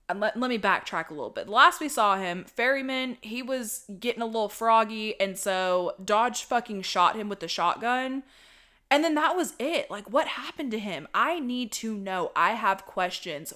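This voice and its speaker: A young woman hosting a podcast, recapping a horror movie in a casual, animated, swearing style. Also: medium pitch. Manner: animated, profane storytelling. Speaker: podcast host.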